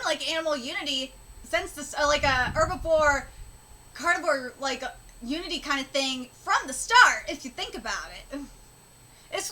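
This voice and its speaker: Woman reaction streamer, very high and bright voice, excitable and foul-mouthed, jumps all over in pitch. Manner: excitable, swears and laughs often. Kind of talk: live reaction commentary.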